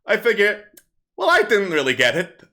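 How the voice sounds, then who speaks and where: A man's voice: high voice, huge pitch swings, normal speed, bright, forceful tone, voice pushed up, exaggerated voice. A man voicing a crude, sleazy male kobold stand-up comic who rambles through his setups to land dirty punchlines. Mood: smarmy joking. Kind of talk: comedic tabletop role-play.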